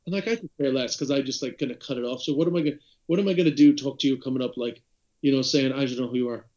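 An Irish man co-hosts a casual podcast over a video call, telling stories animatedly and restarting his sentences often. He talks rapid-fire in a mid-range voice, and the audio sounds dull.

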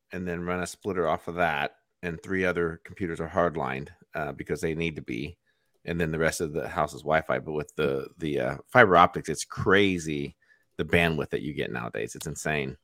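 A man with a deep, low-pitched voice chats casually on a podcast. He rambles through his stories in a laid-back, slightly profane way. The sound is dry and close. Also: moderate pace, pushed and bright, no echo. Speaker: podcast co-host. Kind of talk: casual chat.

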